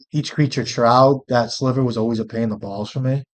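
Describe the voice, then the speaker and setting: A man's voice: medium pitch, fast, few pauses. A man streaming a card game, thinking aloud in casual, profane commentary and often muttering to himself.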